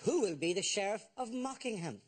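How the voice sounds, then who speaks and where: A man hosting a comedy panel show, briskly announcing rounds and topics. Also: sits high, expressive. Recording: noisy live studio recording.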